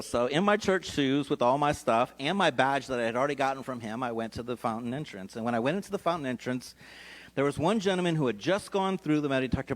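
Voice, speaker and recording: A man preaching a sermon as a lively personal story. His talk is loose and conversational, full of restarts. His pitch sits in a middle range for a man. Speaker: pastor. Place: church sanctuary.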